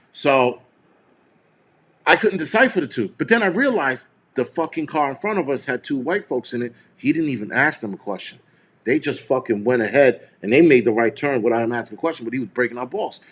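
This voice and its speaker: A man's voice: medium pitch, a bit bright. A man hosting a live stream, retelling a tense encounter in a heated, profane, rambling way. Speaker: show host.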